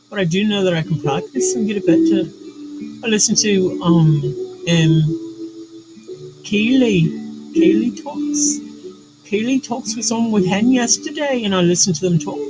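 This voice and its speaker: Chatty woman over loud music. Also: mid-range voice, lively intonation, unhurried, low-quality recording. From New York. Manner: rambling, chatty, with frequent fillers and restarts. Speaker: livestream host. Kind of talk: casual livestream chat. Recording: loud music playing under the voice. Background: loud relaxing background music.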